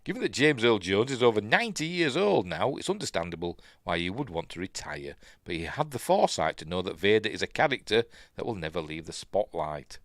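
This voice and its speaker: Brief: Yorkshire man hosting a news stream, lowish voice, dry close sound, rambling chatty asides. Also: sing-song, a little fast, hardly any pauses, dry recording. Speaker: live-stream news host. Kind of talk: casual live-stream news chat.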